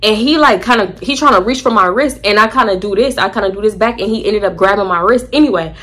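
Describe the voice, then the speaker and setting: A woman telling a story in a casual vlog, animated, slangy and profane. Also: medium pitch, fast.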